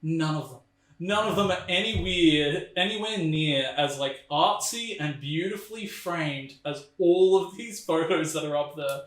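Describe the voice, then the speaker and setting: A man's voice: a little high, measured pace, a bit bright, distant mic. A man co-hosting a podcast, recapping a film in casual chat, acting out the characters' lines and laughing often. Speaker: podcast co-host. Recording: echoey room, off-mic.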